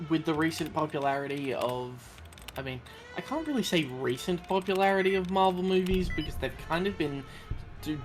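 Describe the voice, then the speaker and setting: A young man chatting casually on a game stream, rambling with many fillers. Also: on the high side. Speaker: co-player guest on a game stream. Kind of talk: casual gaming chat.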